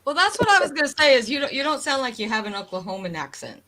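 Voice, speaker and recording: A woman's voice: sits high, big pitch swings, fast, pushed and bright. A middle-aged woman from Alaska chatting on a video call, emphatic and blunt, acting out the people in her stories. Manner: emphatic, acts out quoted voices, blunt. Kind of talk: casual chat.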